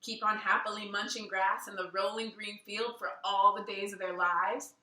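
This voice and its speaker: A woman reading a children's book aloud in an expressive way, with asides, heard roomy and from a distance. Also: medium pitch, moderate pace. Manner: expressive, adds asides and laughs. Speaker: reader.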